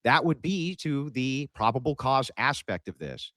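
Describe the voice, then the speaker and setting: A man's voice: medium pitch, expressive, a little slow, bright, forceful tone, no room sound. Blunt, combative man debating. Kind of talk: heated online debate.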